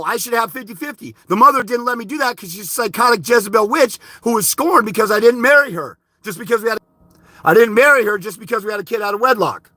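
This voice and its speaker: A fathers' rights advocate rants angrily on a livestream, heated and profane as he scolds his critics. His male voice sits high, sounding pushed and bright, and the clean studio recording has no room sound.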